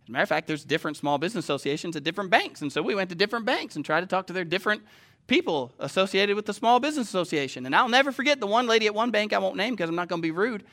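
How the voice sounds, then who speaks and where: A male preacher with a high, bright voice who talks with his congregation and keeps asking whether they follow him. He swings from loud, pressing urgency to slow, hushed scripture reading. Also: expressive. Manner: conversational, asks the listeners questions. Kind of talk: sermon.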